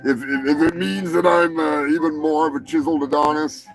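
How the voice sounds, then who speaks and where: A man's voice: fairly high pitch, fairly even intonation, a little fast, vocal fry, crowd noise. A male show host delivering a crude, sarcastic comedic news rant, swearing freely and mocking the stories he reads. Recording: music playing underneath.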